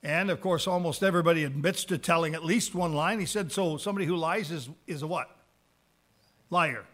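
A man with a high-pitched voice leads a Bible lesson on evangelism. He reads scripture aloud in a slow, deliberate way and then explains it in plain everyday words, repeating key words for emphasis. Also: fairly bright tone. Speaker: Bible teacher.

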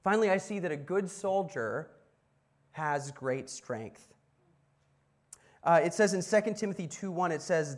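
A man's voice: a little high, a little slow, a little mellow. A man preaching a casual sermon as pastor, telling a story with asides to the congregation. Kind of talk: conversational sermon.

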